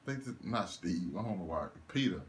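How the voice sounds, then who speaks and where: Animated laughing young man reviewing a movie. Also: low-pitched, normal speed, slight background noise. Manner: animated, laughing, incredulous rants with swearing. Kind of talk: casual one-take movie review.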